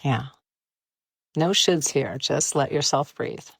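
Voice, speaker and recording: Low-voiced woman guiding breathwork. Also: gravelly, slightly rough, no room sound. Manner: gentle, playful, unhurried guidance. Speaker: breathwork guide. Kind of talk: guided breathwork instruction. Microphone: close mic, live stream.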